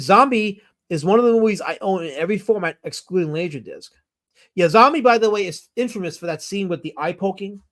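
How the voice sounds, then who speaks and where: A man's voice: sits high, a bit bright. A man hosting a casual live stream, reading viewer comments and rambling enthusiastically with fillers and self-corrections. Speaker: streamer host.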